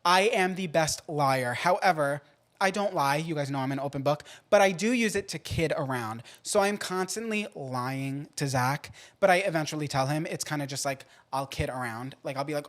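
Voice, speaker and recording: A man hosting a podcast in a casual, playful way, swinging between loud outbursts and quiet asides. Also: on the high side, normal speed. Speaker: podcast host.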